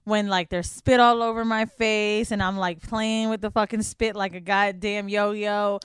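A woman co-hosting a podcast in casual chat, blunt, crude and animated. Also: medium pitch, measured pace, smooth, no echo, clean studio sound. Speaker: podcast co-host.

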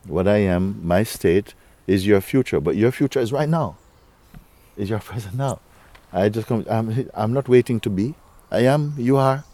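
A man with a low voice leads a spiritual talk for a gathering. His tone is dark and mellow. He speaks slowly and coaxingly, with soft chuckles and frequent checks of "you see?". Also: animated, dry recording. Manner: unhurried, coaxing, often asks "you see?". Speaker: spiritual teacher.

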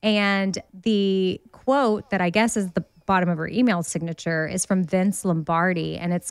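A woman's voice: lowish voice, steady tone, moderate pace, hardly any pauses, smooth, dry recording. Southern lady podcast host, chatty, laughs a lot, dry remote call mic. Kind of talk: casual podcast chat over video call. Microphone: remote video call.

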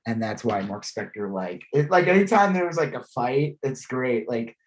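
A man's voice: mid-range voice, animated, moderate pace. Rambling, laughing podcast co-host, man. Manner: rambling, lots of fillers and laughs. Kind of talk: casual chat.

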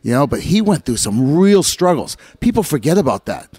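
Here the voice is a little high, a little fast, and husky, with no room sound. The speaker, a middle-aged former hockey pro, chats casually through locker-room stories, animatedly mimicking the voices he quotes.

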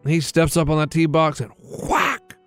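A high-voiced man tells a story in casual chat and keeps slipping into the voices of the people in it. He sounds dry and close in the studio, with faint music underneath. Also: moderate pace, no echo. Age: middle-aged. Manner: animated storyteller acting out other people's lines. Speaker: radio show co-host.

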